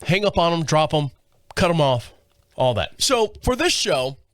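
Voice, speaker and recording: Man, podcast host, slightly high voice, rambling anecdote, dry close mic. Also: very animated, unhurried, fairly bright tone, dry recording. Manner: rambling with frequent restarts. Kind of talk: casual storytelling monologue.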